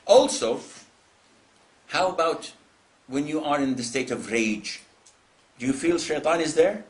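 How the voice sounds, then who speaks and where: A male Islamic preacher giving a lecture, telling stories with lively acted-out voices and frequent laughter. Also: on the high side, unhurried. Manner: animated storytelling, mimics callers in raised voices.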